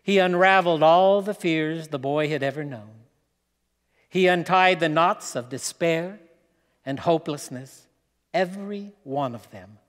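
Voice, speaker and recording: A man preaching, telling a story in a slow, dramatic way with pauses. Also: a little high, a bit bright. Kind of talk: sermon storytelling. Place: church hall. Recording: long hall reverb.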